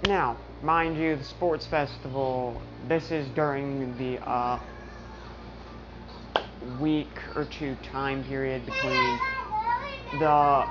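A woman's voice: very deep voice, steady tone, takes it slowly, long pauses, background noise. A woman telling a fan story in a casual, rambling way, with many fillers and restarts, recorded at home. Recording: dull lo-fi recording.

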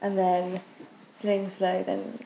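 A woman's voice: mid-range voice, completely flat delivery, slow, gravelly, roomy sound, heavy background noise. A young woman student answering interview questions tentatively, with many fillers. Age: young adult.

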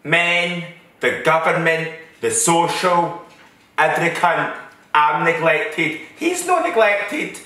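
A man's voice: a little high, expressive, takes it slowly, bright, forceful tone, exaggerated voice. An actor playing a foul-mouthed, combative working-class Scottish mother who swears and hits back at every word. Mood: ranting. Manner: swearing, aggressive, defensive. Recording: echoey room.

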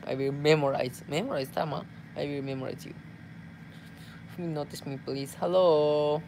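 A Japanese man with a Japanese accent, casually reading fan messages aloud as a vlogger, playful and quick to laugh, mixing Tagalog fillers into his English. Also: a little high, fairly even intonation, gravelly, darkish tone, slight background noise.

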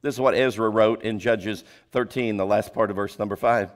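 A male preacher giving a sermon, asking the congregation rhetorical questions and dropping his voice low for emphasis. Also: steady tone, normal speed. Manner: drops pitch and volume for emphasis.

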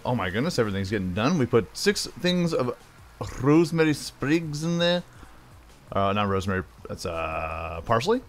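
A man casually commentating his own cooking game as he plays, chatty and thinking aloud, calling the viewer "bro". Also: on the low side. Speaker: gaming channel host. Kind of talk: casual let's-play commentary.

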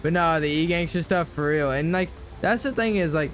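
A man's voice: a little high, a little fast, a bit bright, a little hiss or hum. A young man streaming a game, talking casually to his chat and ranting with lots of swearing.

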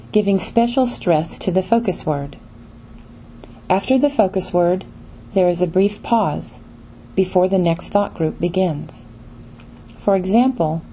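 A woman narrating a scripted English pronunciation lesson, speaking in a measured, even way with careful pauses between phrases. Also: fairly low pitch, slight background noise, low-quality recording.

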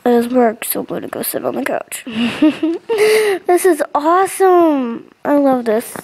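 A woman's voice: sits high, sing-song, a little slow, darkish tone, breathy edge, rough recording. A young woman casually commenting on her gameplay, chatty and giggly, easily startled, into a close computer mic. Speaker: gaming channel host.

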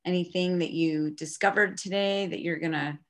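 A woman's voice: fairly low pitch, steady tone, moderate pace. A woman presenting an online conference workshop, speaking in a casual, friendly way.

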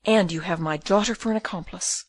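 A woman's voice: fairly low pitch, extremely slow, pushed and bright, heavily acted. A woman doing a sneering old jailer. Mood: mocking. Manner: sneering, bitter irony. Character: old male jailer, spiteful and mocking.

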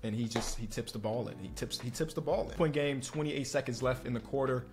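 A young man giving excitable live commentary while playing a basketball video game, swinging between hyped shouts and quiet muttering. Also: medium pitch, brisk, soft background music. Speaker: gaming streamer.

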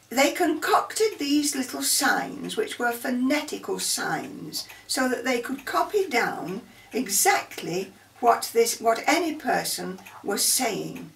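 Woman teacher introducing a play, slow and lively, roomy sound, off the mic. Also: fairly high pitch. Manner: slow, chatty teacher, asks questions. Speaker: drama presenter. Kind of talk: explaining a play to learners. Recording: roomy, from a distance.

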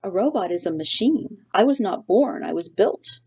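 A woman voicing a calm, literal robot mother. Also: medium pitch, breathy edge, pitched above the performer's own voice. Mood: patient. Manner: formal, measured, no contractions. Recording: dull lo-fi recording.

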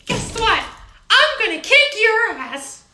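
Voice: very high-pitched, sing-song, takes it slowly, full character voice. A performer voicing a bossy, sassy female cartoon mouse who makes demands, in a fan comedy skit. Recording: echoey room with loud noise.

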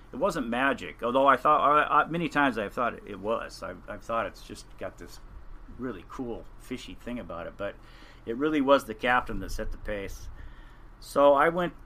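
Bright-voiced older man telling sea stories. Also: medium pitch, moderate pace. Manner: rambling, earnest storytelling with restarts. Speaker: podcast guest, retired fishing captain. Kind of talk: casual storytelling interview.

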